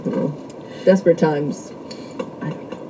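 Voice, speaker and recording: A woman's voice: low-pitched, steady tone, moderate pace, mellow, slight background noise, rough recording. A woman co-hosting a podcast, reading out a movie's plot in a casual chat and laughing often. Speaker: podcast co-host.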